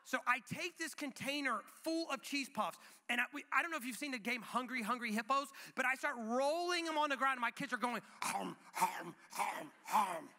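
A man in his thirties preaching a sermon in a church, telling a playful family story in an animated way. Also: extremely high pitch, a little fast, hardly any pauses, long reverb tail. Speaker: pastor. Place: church auditorium.

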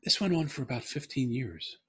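A middle-aged man telling a story from his own life in a heartfelt, emphatic way. His voice is husky and sits at an ordinary pitch. He speaks like a guest in a relaxed conversation. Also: fairly quick.

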